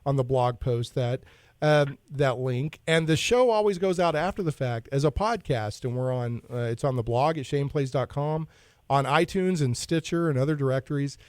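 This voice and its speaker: A man's voice: mid-range voice, dry recording. A man hosting a casual geek talk radio show, joking around with puns and laughing at his own jokes. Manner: jokey, punning, quick to laugh.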